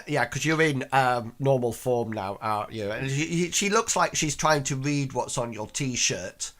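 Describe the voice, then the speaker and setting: A man's voice: mid-range voice, lively intonation, unhurried, hardly any pauses, a bit bright. A man narrating as game master of a tabletop game in a rambling way with many fillers.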